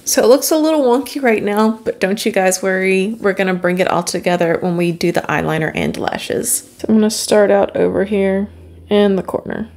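Narrating a makeup tutorial, this woman breaks down each step in a warm, easygoing way, as if talking directly to her loyal viewers. She speaks at a moderate pace in a mid-range voice with a darkish tone.

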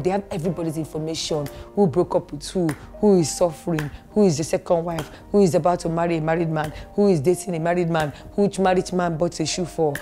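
A woman's voice: lowish voice, warm tone. A woman with a Nigerian accent giving a sassy, mock-preachy comedic rant to her vlog audience. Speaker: vlogger.

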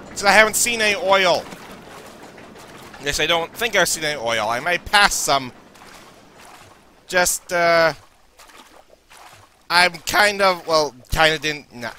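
A nervous young man from Canada talks his way through a horror game, muttering to himself and panicking aloud. His voice sits high and very bright. A faint hiss runs under the recording. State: losing his voice. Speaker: let's play gamer.

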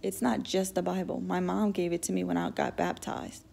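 A woman's voice: lowish voice, little pitch movement, normal speed, vocal fry, mellow, slight background noise. A woman voicing a sullen, defiant fifteen-year-old boy who answers curtly and sarcastically. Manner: curt, snappish, sarcastic.

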